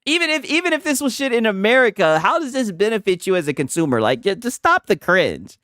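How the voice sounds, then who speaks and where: A man's voice: high-pitched, sing-song, fairly quick, bright, forceful tone, no echo, studio quality. Rambling man hosting a live stream. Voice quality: rambling, loose, with repeated tag questions and laughs. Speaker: streamer host. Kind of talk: casual live stream reaction.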